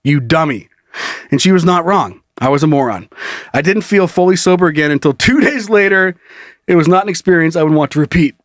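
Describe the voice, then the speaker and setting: A man's voice: fairly high pitch, expressive, fairly quick, no echo, clean studio sound. A man co-hosting a podcast who reads out a listener's story in casual chat, breaking into laughter as he goes. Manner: laughs often while reading. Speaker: podcast co-host.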